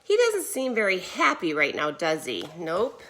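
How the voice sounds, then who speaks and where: Lively, animated woman teaching kids yoga. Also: lowish voice, unhurried, few pauses, distant mic. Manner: playful, encouraging, animated storytelling. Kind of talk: reading a picture book and guiding kids' yoga. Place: indoor room, filmed while doing poses. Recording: echoey room.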